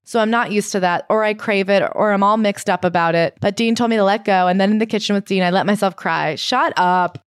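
A woman's voice: mid-range voice, smooth, no room sound, clean studio sound. A woman co-hosting a comedy podcast, recapping a book in a sarcastic, casual way. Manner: sarcastic, quick reading of quotes. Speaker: podcast co-host.

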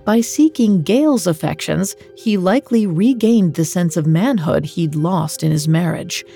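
Female narrator, low mellow voice, scripted true-crime read, faint music underneath. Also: expressive, measured pace, vocal fry, breathy edge. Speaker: podcast narrator.

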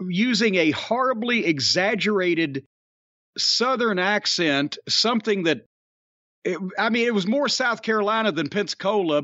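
A man's voice: high voice, fairly bright tone, no room sound, muffled recording. Older male podcast host; raised voice, profane storyteller, opinionated, dry close sound. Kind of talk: casual chat.

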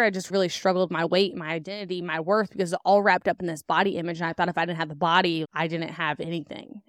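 A woman's voice: lowish voice, no room sound, clean studio sound. Chatty young woman telling her story. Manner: candid and chatty, with frequent "like" fillers and laughs. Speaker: podcast host. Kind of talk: personal storytelling to listeners.

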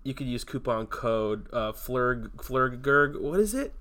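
A man's voice: medium pitch, animated, unhurried, a bit bright. A man co-hosting a comedy podcast, casual and goofy, launching into mock-theatrical rants. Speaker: podcast co-host.

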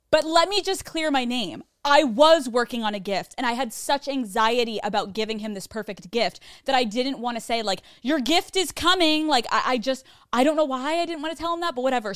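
A woman's voice: fairly high pitch, fast, few pauses, smooth, dry recording, clean studio sound. A woman hosting a solo podcast, telling a personal story in a casual, candid and profane way, full of chatty fillers. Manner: candid, profane, self-mocking. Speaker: podcast host.

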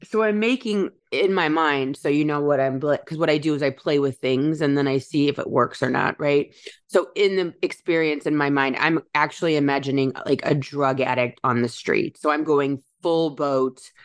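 A woman hosting a podcast, musing in a casual spiritual chat and slowing down to stress her words. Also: low-pitched. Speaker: podcast host.

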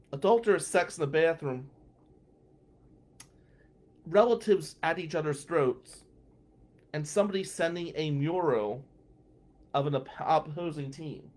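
A middle-aged man from New Jersey, a podcast guest telling a lively anecdote and acting out the people in it. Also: on the high side. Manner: animated, acts out the voices of people in his story. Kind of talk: storytelling anecdote.

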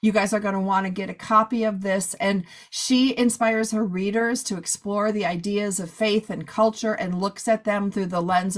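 A woman hosting a podcast, chatting casually and a bit hoarse after a long day of recording. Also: medium pitch. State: hoarse, losing her voice. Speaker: podcast host. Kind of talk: casual chat.

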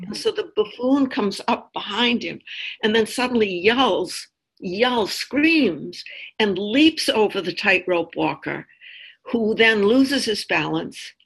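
A woman leading a reflective group discussion, telling stories in a thoughtful, measured way. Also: medium pitch, fairly bright tone, slightly rough, rough recording. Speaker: discussion leader.

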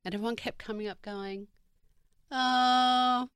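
A woman's voice: lowish voice, lively intonation, normal speed, fairly bright tone, no room sound, studio quality. A woman, a guest coach on a talk show, chatting in a sardonic way and laughing often. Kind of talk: casual chat.

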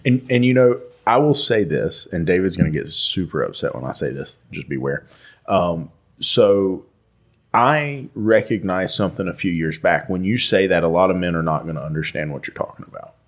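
A man's voice: sits low, expressive, moderate pace. A man with a Southern US drawl hosting a podcast, talking earnestly with frequent restarts. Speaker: podcast host. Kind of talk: casual podcast chat.

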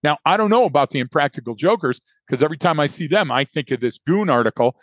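A man's voice: on the high side, animated, fast talker, dry recording. A man co-hosting a podcast, telling a story with energy and acting out his own thoughts. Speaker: podcast co-host. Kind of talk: casual conversational storytelling.

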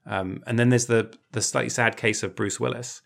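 Gravelly-voiced man chatting on a podcast. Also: medium pitch, fairly even intonation, moderate pace, fairly bright tone. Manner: chatty, hesitant, many ums and restarts. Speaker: podcast co-host. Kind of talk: casual chat.

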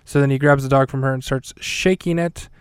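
Dry, flat-voiced man recapping a show. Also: medium pitch, a little fast, smooth, dry recording. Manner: rambling, self-correcting, dry humor. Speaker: podcast host. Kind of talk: casual solo recap.

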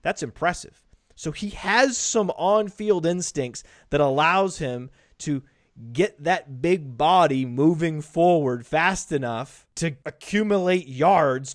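A man hosting a podcast in casual analytical chat, brisk and stats-heavy with jokes thrown in. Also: on the high side, no echo, studio quality. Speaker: podcast host.

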